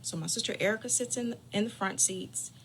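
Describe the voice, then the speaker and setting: A woman telling a family story to her audience in a bright, forceful voice. She talks straight to her listeners, plays up the drama, and sometimes sinks to a whisper for effect. A faint hum sits behind her. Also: medium pitch, a little fast. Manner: lively, dramatic storyteller who drops to whispers for suspense; chatty, addresses listeners directly. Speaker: caregiving channel host. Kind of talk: personal storytelling.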